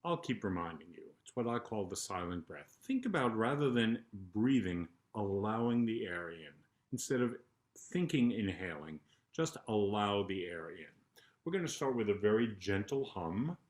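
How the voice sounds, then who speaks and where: An older man, a choral conductor, calmly and patiently talking singers through a vocal warm-up and demonstrating the sounds. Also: on the low side, moderate pace, soft background music. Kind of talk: spoken vocal instruction between sung exercises.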